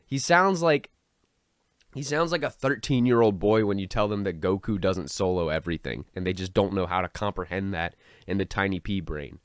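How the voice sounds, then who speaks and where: Low-voiced sarcastic male commentator. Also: normal speed, clear, resonant tone, no room sound, clean studio sound. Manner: sarcastic, mocking. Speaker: online commentator. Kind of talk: commentary vlog.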